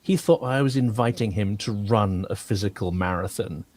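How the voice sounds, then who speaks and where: A man's voice: lowish voice, normal speed, darkish tone. A man organizing a fundraising livestream, chatting casually in a self-deprecating way and laughing easily. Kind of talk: casual chat. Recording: noisy stream audio.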